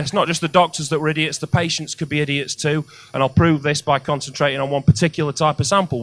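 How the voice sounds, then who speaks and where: Man, stand-up comedian, high voice, sweary, shouty punchlines. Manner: loud, sweary, building to shouts.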